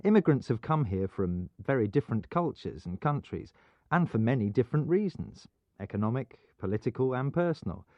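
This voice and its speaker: A man presenting an educational programme, explaining things clearly in scripted narration. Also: mid-range voice, very animated, a little fast, dry recording. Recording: dull, dry studio sound.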